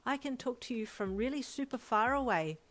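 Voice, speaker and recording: A woman voicing an excited little boy. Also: fairly high pitch, normal speed, voice pushed up. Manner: bubbly, eager, breathless little-kid talk. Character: excited four-year-old boy with wings.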